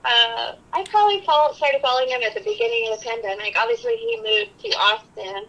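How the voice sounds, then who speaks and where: A woman's voice: sits high, big pitch swings, fast talker, a bit bright, dull audio. A woman chatting as a guest on a podcast, giggly and agreeable, easily amused. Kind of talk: casual chat. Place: Texas.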